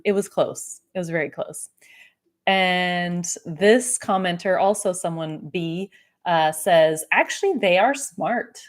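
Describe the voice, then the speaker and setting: Chatty woman hosting a podcast. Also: lowish voice. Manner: chatty and self-correcting, with light laughter. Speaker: podcast host. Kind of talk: casual solo podcast, reading live comments aloud.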